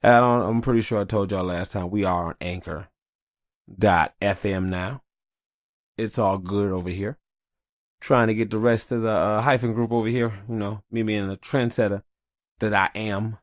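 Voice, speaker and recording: A man's voice: on the low side, fairly even intonation, moderate pace, dry recording, clean studio sound. A tired man hosting a podcast in casual, rambling, profane chat. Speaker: podcast host.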